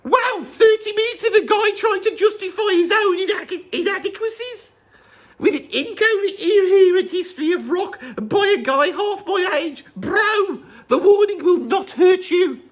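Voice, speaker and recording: A shrill young male commenter with a high, squeaky Birmingham accent, outraged and self-important. He sounds a touch far from the mic as he squeals his lines, and his pitch leaps around wildly. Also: animated, normal speed. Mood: scornful.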